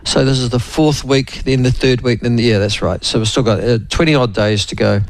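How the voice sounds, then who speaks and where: Gravelly wry New Zealand radio host. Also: male voice, medium pitch, fairly even intonation, brisk, no echo. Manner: rambling, wry and opinionated, with asides to a co-host. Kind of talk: casual talk radio monologue. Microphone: studio microphone.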